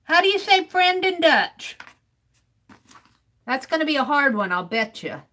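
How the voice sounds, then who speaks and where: A woman live-streaming her art, chatting with viewers in a casual way. Her voice is high and sits bright, and it moves a lot in pitch. She speaks at an unhurried pace and sounds out words for fun while she works. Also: sing-song.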